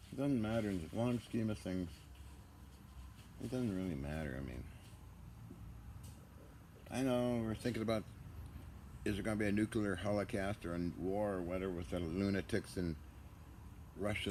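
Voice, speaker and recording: A man's voice: sits low, moderate pace, pauses often, darkish tone, slight background noise. A man rambling in a casual video monologue, joking about himself and laughing often. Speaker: vlogger.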